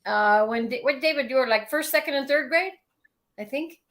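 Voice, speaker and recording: A middle-aged woman from Southern California chats over a video call, telling family stories with lively animation. Her voice sits high and rings bright. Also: moderate pace. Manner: animated storyteller, laughs easily. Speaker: guest, the host's mother. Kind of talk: casual chat.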